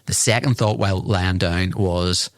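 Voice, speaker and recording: A low-voiced man co-hosts a casual podcast. He spins his story in an animated way, teasing his co-host as he goes. His voice sits dry and close on the mic. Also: unhurried, no room sound. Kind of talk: casual chat.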